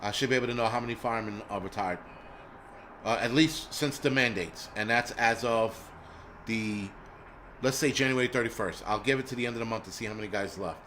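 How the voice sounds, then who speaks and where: A man's voice: mid-range voice, a little fast, fairly bright tone, a little hiss or hum. Blunt, profane New man venting. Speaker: live stream host. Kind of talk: casual live-stream chat.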